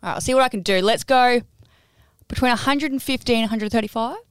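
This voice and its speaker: A woman's voice: fairly high pitch, quick pace, smooth, dry recording. Chatty woman, dry studio sound. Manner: chatty storyteller. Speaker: radio roadie. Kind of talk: casual podcast chat.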